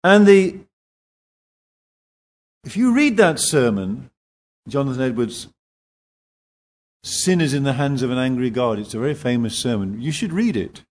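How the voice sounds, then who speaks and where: A man preaching a sermon at a church in Singapore, slow and emphatic. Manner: slow, emphatic preaching with lively pitch swings.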